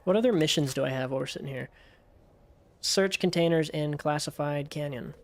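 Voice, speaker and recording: A young man streams a video game live, chatting casually with viewers and swearing or yelling excitedly when the action gets tense. His voice is on the high side and brisk, with a little hiss or hum in the audio.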